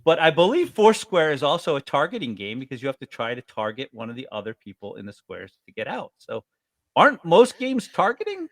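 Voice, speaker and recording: A middle-aged man from New York State chatting casually as a podcast co-host, telling stories with lively acted-out voices. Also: fairly high pitch, brisk, no room sound. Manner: animated storyteller, acts out quoted voices loudly. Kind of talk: casual chat.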